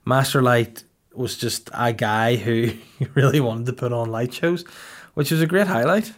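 A young man chats loosely on a podcast. He rambles from tangent to tangent with crude jokes and frequent laughter. His voice sits in an ordinary middle pitch. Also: measured pace. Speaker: podcast co-host. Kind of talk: casual comedic podcast chat.

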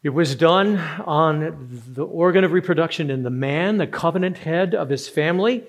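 A man preaching a sermon, earnest and rising to strong emphasis on key words. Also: fairly high pitch. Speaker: pastor.

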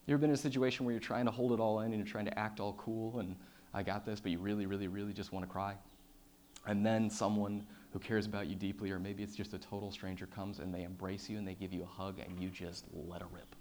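A man with a somewhat low voice tells a personal story from a stage with slides. He swings between loud, excited bursts and hushed, quiet moments, often restarting his sentences. A faint hiss sits under his speech. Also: fast. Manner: lots of fillers and repeated starts. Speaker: public speaker.

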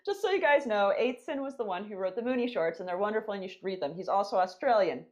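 Female host, teasing, laughing, animated pitch. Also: fast, highs cut off. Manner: giggly, teasing, swears. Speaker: podcast host. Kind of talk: casual podcast banter.

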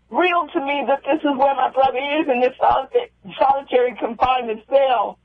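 A woman with a high voice, phoning in as a guest and telling her own story with heartfelt repetition. Her voice comes through a narrow, tinny phone line with a dry, close sound. She halts and restarts often. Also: steady tone, moderate pace, dry recording. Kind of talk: emotional personal storytelling. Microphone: telephone.

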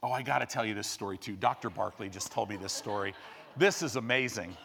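A man preaching a sermon, telling stories animatedly, with sudden loud bursts and quiet asides. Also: fairly quick, gravelly, slight background noise. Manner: animated storyteller, swings between loud bursts and low hushed asides. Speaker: pastor. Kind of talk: sermon storytelling.

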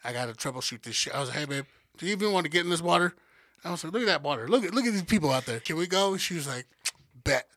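A man co-hosting a podcast, telling a story in casual chat, profane and animated, acting out what people said. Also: on the high side, racing. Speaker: podcast co-host.

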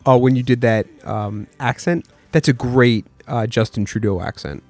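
A man co-hosting a comedy podcast, going along with every bit and delivering absurd lines with a straight face. His voice sits at an ordinary pitch and sounds dry and close. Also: normal speed, a little mellow, dry recording, faint music behind. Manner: agreeable, straight-faced joker. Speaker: podcast co-host.

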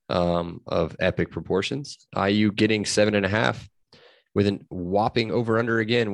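A man's voice: on the low side, no echo, studio quality. A man hosting a sports podcast, chatting casually and rattling off scores and stats. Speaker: podcast host.

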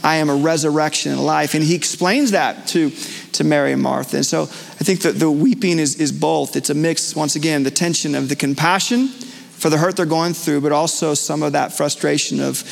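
A man's voice: a little high, normal speed, vocal fry. A male pastor preaching a live sermon in a church, earnest and conversational with frequent fillers and restarts. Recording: long church hall reverb.

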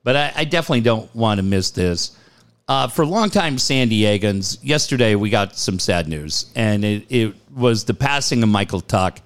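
On a casual radio chat, a host whose clean-toned voice sits on the low side speaks at normal speed. He relates stories with animation, plenty of swearing, and acted-out quotes.

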